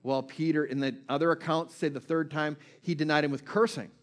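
A man's voice: a little high, fairly even intonation, a little fast. A man preaching a sermon in a conversational way, checking in with listeners and retelling scripture stories with feeling.

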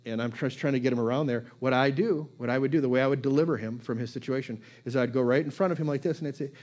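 A man's voice: mid-range voice, fast, darkish tone. A male pastor giving a conversational sermon, repeating phrases and building emphasis with informal asides.

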